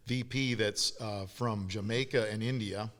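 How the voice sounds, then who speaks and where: A man's voice: fairly low pitch, fairly even intonation, a little slow, a bit bright, big-room sound. A man from South Dakota, a veteran guest on a podcast, chatting casually with dry, teasing humor and blunt remarks. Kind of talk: casual conversation.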